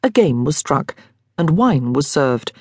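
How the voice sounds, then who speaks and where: A woman narrating an audiobook with expressive, lively storytelling. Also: low-pitched, takes it slowly, slightly rough, dry recording, clean studio sound. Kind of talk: scripted narration.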